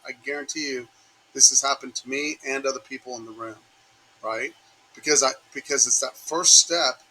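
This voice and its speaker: A man with a bright, forceful voice talks his trading team through their mindset, and he says every key point twice. He keeps asking "right?" to check they follow. A faint hiss sits under the recording. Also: mid-range voice, poor audio. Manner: emphatic, repeats key points, asks "right?" after each point. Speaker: trading coach. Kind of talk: market preview talk to his trading team.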